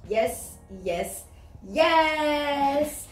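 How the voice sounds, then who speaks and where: A woman's voice: sits high, expressive, drawn-out words, far from the mic. Candid South African woman in echoey room. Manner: chatty, candid, searches for words. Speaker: host. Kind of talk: casual chat. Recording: echoey room, voice off-mic, music behind.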